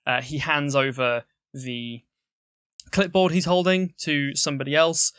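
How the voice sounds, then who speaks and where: A man narrating as game master of a tabletop game, halting, with many restarts. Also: fairly high pitch, steady tone, a bit bright, clean tone, no echo, studio quality. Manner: halting, full of fillers and restarts.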